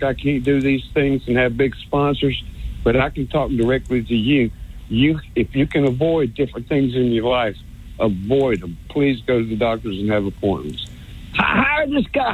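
Stammering sarcastic caller on a phone line. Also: male voice, mid-range voice, breathy edge. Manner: sarcastic, stammering, repeats words. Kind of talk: rambling call-in rant.

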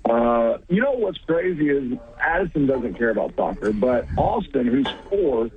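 A man co-hosting a casual radio chat, talking in halting bursts with many restarts. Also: medium pitch, very animated, slight background noise. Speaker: radio show co-host. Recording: phone-like narrow sound.

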